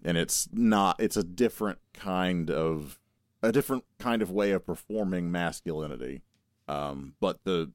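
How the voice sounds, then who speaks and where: A young man co-hosting a podcast, chatting casually, animated and teasing, swearing now and then. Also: low voice, dry recording, clean studio sound. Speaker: podcast co-host. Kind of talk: casual chat.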